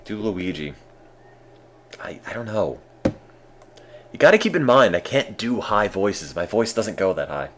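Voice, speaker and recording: A man chats through a game on a live stream in a deep, low voice. His delivery is deadpan and dryly self-mocking, with a faint ambient hum in the background. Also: unhurried. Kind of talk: casual live-stream commentary.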